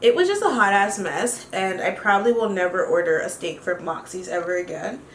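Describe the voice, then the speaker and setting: Chatty animated woman in an echoey room. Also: medium pitch, a little hiss or hum. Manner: animated, chatty, quick laughs. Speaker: beauty vlogger. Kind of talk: casual storytelling while doing makeup.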